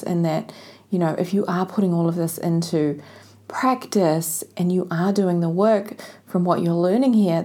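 A woman's voice: fairly low pitch, mellow. A woman hosting a podcast, speaking casually to her listeners, effusive and encouraging, often tagging her points with "right?". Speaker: podcast host.

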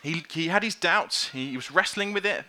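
A man preaching a conversational sermon, lively and informal, acting out little quoted voices as he goes. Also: a little high, normal speed.

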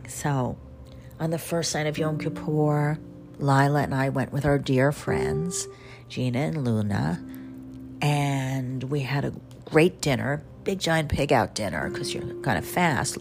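A woman's voice: very deep voice, animated, unhurried, creaky. A woman with a Southern accent hosting a radio show, telling rambling stories in a chatty, self-mocking way. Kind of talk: casual storytelling monologue. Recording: music playing under the voice.

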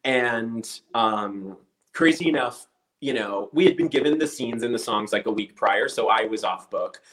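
A man's voice: mid-range voice, normal speed, low-quality recording. A man telling a story casually, acting out the voices of the people in it. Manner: animated storyteller acting out quotes.

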